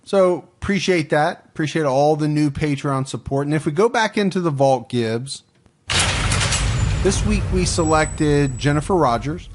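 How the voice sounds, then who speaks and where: A male podcast host with a voice sitting a touch higher than most men's, talking casually with a co-host. He goes through supporter names and then the facts of a case in a dry, matter-of-fact manner. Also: unhurried. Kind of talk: casual true crime podcast chat.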